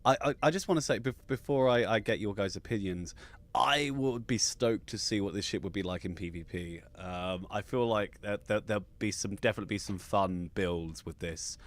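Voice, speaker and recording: Excitable stammering male stream host. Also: on the low side, moderate pace. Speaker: podcast host. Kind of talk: casual live-stream chat.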